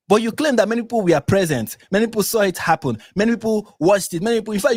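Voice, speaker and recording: Animated Nigerian man reacting live. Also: high voice, dry recording, clean studio sound. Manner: exasperated, repetitive, emphatic. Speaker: reaction channel host.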